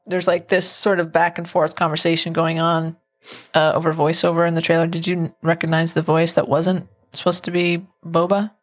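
A woman's voice: fairly low pitch, level tone, a little fast, no room sound. A woman co-hosting a podcast in easygoing, chatty conversation, often asking questions. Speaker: podcast co-host. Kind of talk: casual chat.

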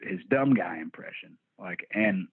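A man from Texas talks in a slow Texan drawl, casual and rambling, dropping swear words as he tells stories. His voice sits a bit low and comes through a narrow, phone-like line. The sound is dry. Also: animated, slightly rough, dry recording. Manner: laid-back, profane, rambling drawl. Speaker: band musician guest. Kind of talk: casual interview storytelling. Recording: tinny phone-like remote line.

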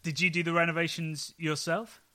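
Brief: male podcast host, bright forceful tone, chatty and self-deprecating. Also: fairly high pitch, level tone, moderate pace. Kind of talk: casual podcast chat.

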